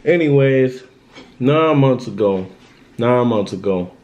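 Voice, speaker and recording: A man's voice: mid-range voice, lively intonation, slow, a little mellow, dull audio. Young man telling a story casually. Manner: loose, repetitive, keeps asking "you know what I'm saying". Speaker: vlogger telling a personal story.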